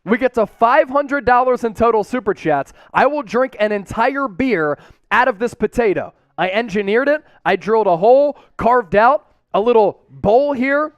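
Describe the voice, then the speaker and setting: A man hosting a fan watch-party stream, calling plays and reading out chat shout-outs with hyped cheers. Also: very high-pitched, animated, normal speed, no echo, muffled recording.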